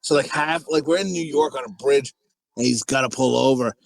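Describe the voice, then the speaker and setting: A man's voice: medium pitch, a little fast, creaky, no room sound, poor audio. A man co-hosting a podcast, telling crude stories in a casual, laughing way and acting out the voices. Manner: crude, laughing storyteller who acts out voices. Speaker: podcast co-host. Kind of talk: casual comedic chat.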